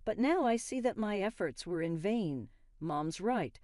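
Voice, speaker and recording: A woman's voice: medium pitch, animated, a little slow, darkish tone, dry recording, clean studio sound, lightly acted. A woman voicing a greedy, scornful young husband in a plain, blunt read. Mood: cold.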